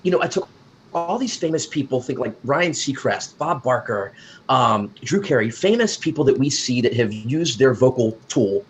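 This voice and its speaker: A man's voice: mid-range voice, lively intonation, moderate pace, a little hiss or hum, low-quality recording. A man from the United States, a wedding DJ and emcee, chatting in a friendly, storytelling way as a guest. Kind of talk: casual interview chat.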